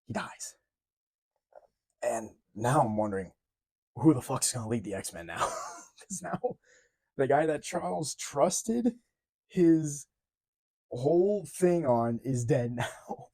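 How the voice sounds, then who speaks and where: A young man casually reviewing a TV episode, excitable and rambling, swearing now and then. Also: mid-range voice, slow, pauses often. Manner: excitable, rambling, swears, says 'like' often. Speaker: TV show reviewer.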